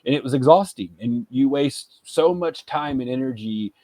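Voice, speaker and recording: A man's voice: medium pitch, lively intonation, moderate pace, a little mellow, no echo. Rambling, reflective man co-hosting a podcast. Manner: rambling, reflective, lots of fillers. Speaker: podcast co-host. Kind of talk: casual chat.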